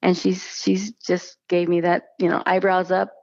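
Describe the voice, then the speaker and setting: A woman's voice: lowish voice, normal speed, gravelly, no echo, highs cut off. A woman, probably in her thirties, telling her personal story in casual conversation and acting out the voices of the people she quotes. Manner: animated storytelling, acts out quoted speech.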